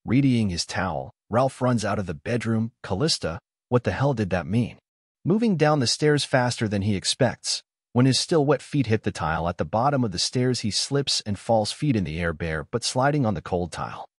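Guy reading a story aloud, husky voice, lively pitch. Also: moderate pace, few pauses, dry recording, studio quality. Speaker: story narrator. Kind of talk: scripted story narration.

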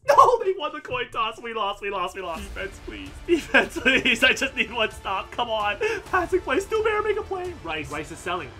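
A man giving casual commentary over his football video game, excitable, swinging from low muttering to yelling at the game. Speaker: gameplay commentator.

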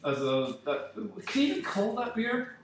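A man's voice: high voice, very animated, normal speed. A Scottish man joking and teasing his co-host in casual banter over beer in a photo studio. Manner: joking, teasing, laughs often. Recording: echoey room, distant mic, faint noise.

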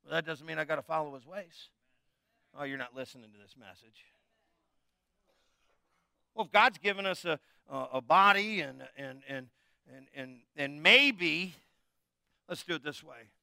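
Middle-aged male pastor, conversational jokey sermon with call-and-response, bright crisp voice. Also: a little high, animated, moderate pace, pauses often, no echo, studio quality.

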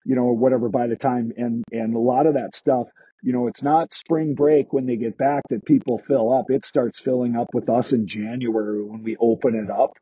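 A man's voice: mid-range voice, steady tone, normal speed, dark tone, breathy edge, no echo. Man, skating instructor, casual interview talk, dry and dull lo-fi sound. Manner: chatty, restarts sentences, acts out quoted kids.

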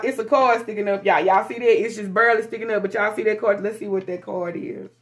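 A woman giving a casual, profane tarot reading to her viewers, frank and animated. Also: on the high side. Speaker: tarot reader.

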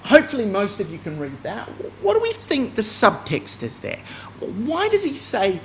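A man's voice: sits high, normal speed. Guy giving a bible class, voice swings up and down a lot, bit of faint noise behind. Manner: lively, emphatic, with asides and restarts. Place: meeting hall.

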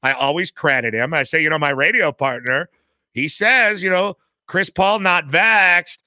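A man co-hosting a sports radio show in a studio, telling stories in a casual, animated way and acting out what people said. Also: a little high, moderate pace, dry recording. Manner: animated storyteller who acts out quotes.

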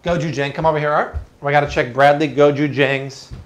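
A man's voice: a little high, steady tone, fairly quick. A man hosting a live cooking stream from a home kitchen, enthusiastic and exclamatory. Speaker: cooking show host.

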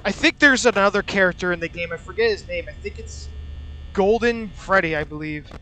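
Wearing a mask over his mouth, a young man who hosts a gaming channel plays a horror game and chatters nervously, swearing and muttering without pause to handle his fear. His voice is high and sharp, his pace fairly quick, and there's a little hiss or hum.

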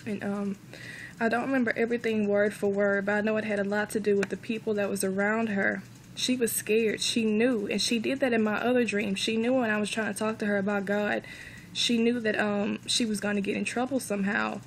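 A woman recounts a personal faith story with earnest emotion, close to tears and often repeating herself. Her pitch stays level and unvaried, with faint noise behind her. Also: level tone, a little fast, rough recording. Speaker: vlogger.

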